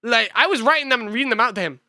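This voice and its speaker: An excitable young man with a high, bright voice rambles through his own video on stream, swearing and breaking into quick bursts. The mic sound is close and dry, with no room echo. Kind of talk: casual reaction commentary.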